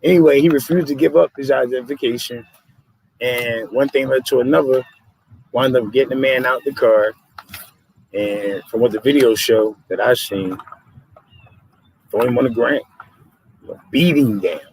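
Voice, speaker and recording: A man hosting a casual podcast chat, telling stories in animated streetwise slang. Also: medium pitch, moderate pace, gravelly, long pauses, breathy edge, poor audio. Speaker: podcast host.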